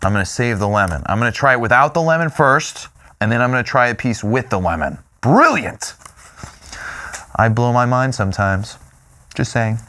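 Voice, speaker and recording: A man hosting a food tasting show, playful and excitable, humming with delight between bites. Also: mid-range voice, a little fast. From Louisiana, US.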